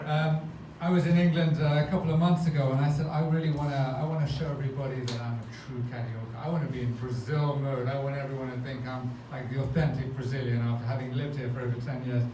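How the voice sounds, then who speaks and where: A man's voice: mid-range voice, steady tone, fast, hardly any pauses, mellow, far from the mic. A man hosting a stand-up comedy night, telling rambling self-mocking stories on a club stage. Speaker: comedy show host. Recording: very echoey club, noisy audience ambience.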